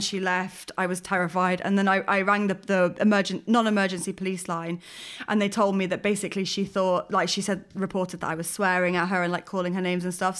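A woman co-hosting a podcast, telling a story in a rambling, animated way full of fillers. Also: mid-range voice. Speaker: podcast co-host. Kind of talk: casual chat, storytelling.

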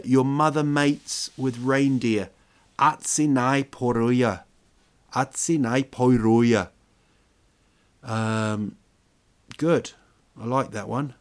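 A man hosting a casual comedic monologue, joking and rambling with many fillers. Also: mid-range voice.

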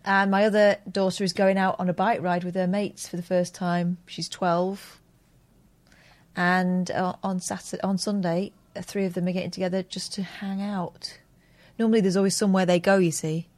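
A woman's voice: fairly low pitch, flat delivery, moderate pace, darkish tone. Wry, chatty woman co-host. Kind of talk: casual chat.

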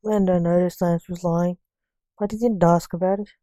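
A woman reading a story aloud with halting phrasing. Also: fairly low pitch, steady tone, warm tone, no echo, poor audio.

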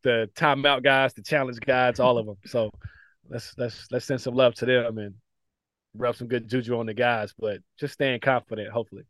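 A man, a former pro basketball player, telling lively stories in a casual podcast chat, with lots of "like" fillers and laughter. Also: medium pitch, normal speed, no room sound, clean studio sound. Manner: animated storytelling, frequent "like" fillers and laughs.

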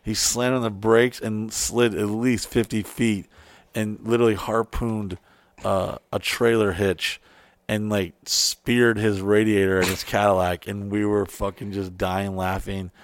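A man's voice: lowish voice, gravelly, no room sound. A man telling a long, crude story in a casual, rambling way, swearing freely and restarting his sentences often. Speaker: podcast co-host telling a story.

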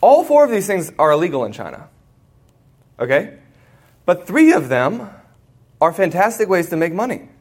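A man's voice: high-pitched, very animated, moderate pace, long pauses, a little mellow, husky. An American man in his thirties, speaking live to students and telling a story in a humorous, conversational way. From United States. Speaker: conference speaker.

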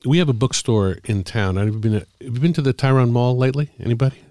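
A man, middle-aged or older, an author telling stories about the craft of writing in a casual, halting way with many fillers. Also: mid-range voice, warm tone, no room sound. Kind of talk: casual conversational storytelling.

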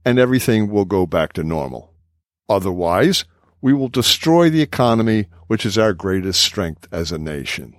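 Podcast host, man, lower voice with lively pitch, reads quotes, dry close sound. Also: normal speed, no room sound. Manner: reads quotes from notes, laughs often. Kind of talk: political discussion podcast.

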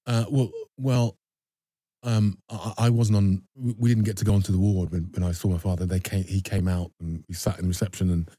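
A man with a very low, dark, husky voice talks through a painful memory. He halts often, repeats words and restarts his sentences. The sound is dry and close. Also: steady tone, brisk, no room sound. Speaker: actor guest. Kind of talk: candid personal storytelling.

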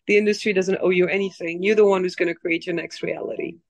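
A woman in her forties with a light French accent, telling her story as a guest in a casual interview, animated and rambling, with many restarts. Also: on the low side, fast, no room sound. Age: 40s. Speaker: actress guest.

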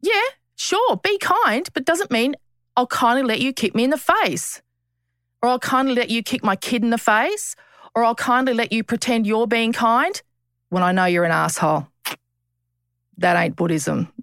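Her voice is a little high and fairly bright, moving at normal speed: a woman in her 50s guesting on a podcast. She's frank and blunt in this candid conversational interview, teasing and occasionally swearing, recorded at studio quality with no room sound.

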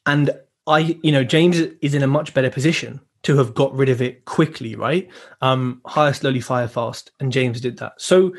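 A man's voice: mid-range voice, normal speed. A man hosts a casual podcast chat and talks in a chatty, reflective way. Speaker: podcast host.

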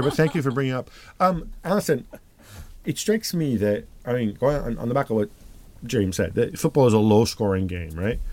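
A man's voice: on the low side, dark tone. A man hosting a football podcast in a studio, playing devil's advocate with a dry, sarcastic edge. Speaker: podcast host.

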